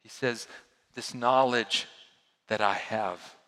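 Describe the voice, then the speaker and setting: A man preaching a sermon as a pastor, swinging from loud emphasis down to hushed, quiet lows. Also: steady tone, takes it slowly, big-room sound.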